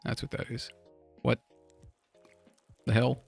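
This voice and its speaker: A man's voice: medium pitch, completely flat delivery, slow pace, vocal fry, faint music behind. A man co-hosting a live game stream, chatting casually and technically while joking. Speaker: streamer co-host.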